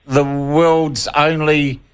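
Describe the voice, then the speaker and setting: A New man hosting a talk radio show, questioning his guest bluntly and pushing for straight answers. His voice sits a little higher than most men's. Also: level tone, drawn-out words, smooth. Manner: blunt, presses for direct answers. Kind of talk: probing talk radio interview.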